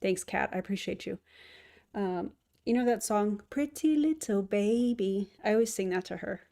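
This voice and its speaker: Chatty woman streamer, middle pitch. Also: steady tone, moderate pace, gravelly, darkish tone. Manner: chatty, often coos to her cat. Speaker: streamer host. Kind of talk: casual livestream chat.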